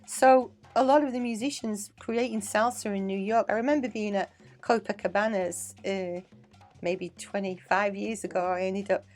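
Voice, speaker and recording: A middle-aged woman from England, a dance teacher, chatting in an interview and telling lively anecdotes. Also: medium pitch, normal speed, faint music behind. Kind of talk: casual interview storytelling.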